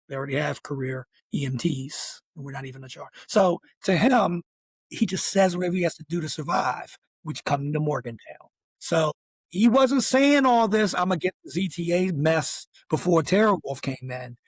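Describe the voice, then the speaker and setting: A man's voice: fairly high pitch, slightly rough, no room sound. A man with a Southern Maryland country accent, ranting emphatically as a guest in a casual political discussion. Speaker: podcast guest.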